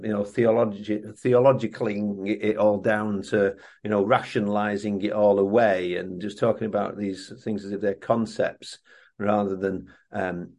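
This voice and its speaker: A man with a low voice hosts an interview. He muses aloud in loose sentences, full of fillers, before he gets to his question. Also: a little mellow. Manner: musing, loose phrasing with many fillers. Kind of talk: interview chat.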